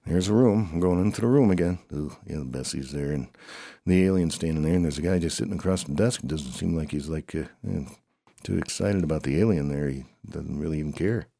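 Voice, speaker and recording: A man's voice: very deep voice, brisk, gravelly, dark tone, no room sound, clean studio sound. A man improvising a comic story as he goes, grumbling, sighing and answering himself in a back-and-forth. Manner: grumbling, sighing, talks to himself in two alternating voices.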